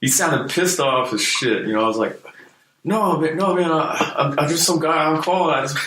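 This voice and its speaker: A man's voice: fairly high pitch, normal speed, fairly bright tone. A man being interviewed about his music past, talking in a loose, laid-back way with lots of fillers and swearing. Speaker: guest, hardcore musician. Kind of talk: casual storytelling interview. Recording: roomy echo, faint noise.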